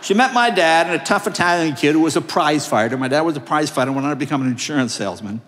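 A man in his sixties accepting an award on a large theater stage, telling comic stories in an animated, jokey way. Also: fairly high pitch, quick pace. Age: 60s. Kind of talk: stand-up storytelling. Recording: long reverb of a large theater.

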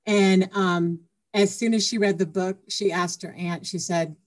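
धीमी, भावुक बातें करती महिला लेखिका. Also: female voice, fairly low pitch, steady tone, a little slow. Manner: chatty and emotional, retells stories with acted quotes. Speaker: author guest. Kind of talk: podcast interview.

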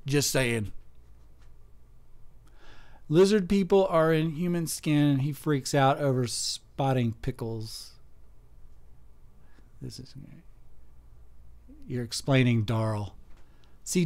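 A male comedian chatting on a livestream, unhurried and drawn out. His voice has a gravelly fry, and he wanders happily into silly tangents. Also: medium pitch, animated, a little mellow. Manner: rambling, jokey, absurd tangents. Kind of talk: casual chat.

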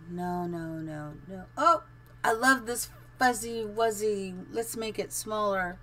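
A woman's voice: medium pitch, slow pace, fairly bright tone. A middle-aged woman casually commenting on her live-streamed building game, chatty and giggly, thinking aloud as she goes.

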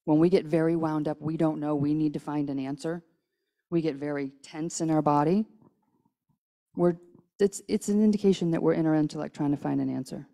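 A woman's voice: low voice, fairly even intonation, brisk, warm tone. A woman giving a conversational sermon in a church, chatty with restarts, tired from little sleep. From United States. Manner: casual, chatty, with restarts and acted-out quotes. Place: church sanctuary.

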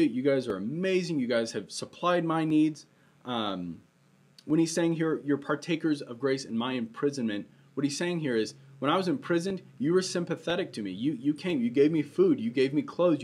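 A young adult man preaching a sermon in a relaxed, conversational way, mixing scripture reading with a personal story. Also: medium pitch, husky. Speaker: pastor.

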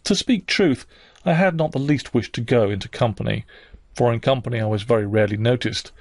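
Male narrator, measured unhurried audiobook reading, mid pitch, dry close sound. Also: vocal fry, darkish tone, no echo. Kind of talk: scripted narration.

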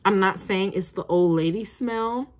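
A woman's voice: medium pitch, a little slow, a little mellow. A woman in her twenties chatting casually as she reviews perfumes, thinking aloud with plenty of fillers. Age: 20s.

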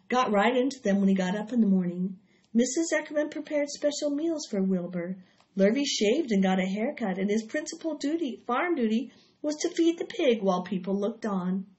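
A woman's voice: medium pitch, a little mellow. Woman reading a children's book aloud. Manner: unhurried, with small slips. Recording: dull lo-fi recording.

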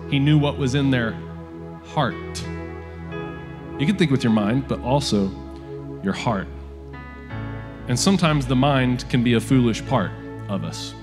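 A man preaches in an animated, conversational style, often turning to the congregation with quick asides. His voice sits at an ordinary middle pitch. It rings through a large hall with a long reverb, and faint music plays under it. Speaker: pastor. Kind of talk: sermon. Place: church auditorium.

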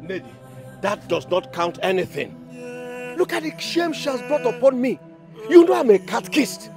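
A rigid, preachy father and catechist. His voice sits unusually high for a man and leaps about as he lectures. Faint music plays under him. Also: big pitch swings, moderate pace, a little mellow, full character voice. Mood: stern. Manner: stern, preachy, unyielding. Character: stern unforgiving church catechist father.

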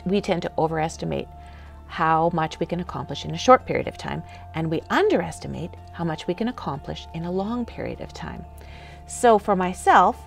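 A woman's voice: fairly low pitch, vocal fry. A woman life coach giving an enthusiastic motivational lesson while walking on a treadmill.

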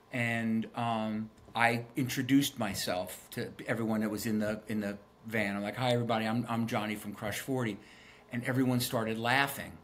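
A middle-aged man and guest musician telling stories earnestly and reflectively in a casual interview, often repeating words as he thinks. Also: medium pitch.

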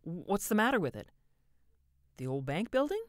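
A woman's voice: medium pitch, very animated, normal speed, dry recording, pitched above the performer's own voice, natural voice. A chatty small-town businessman talks in a drawling, colloquial storybook voice, put on by a woman reading aloud. The sound is dry and close.

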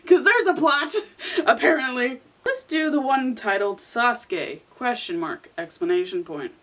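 A woman's voice: fairly high pitch, lively intonation, unhurried, a bit bright. Self-mocking young woman reading aloud. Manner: laughing, swearing, self-mocking. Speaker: host reading her old fanfiction. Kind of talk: comedic casual reading.

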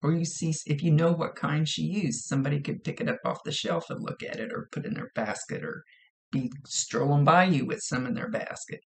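A woman's voice: sits low, a little fast, vocal fry, slight background noise. A woman working as a psychic medium who gives a casual reading, relaying messages and direct advice and often repeating her phrases.

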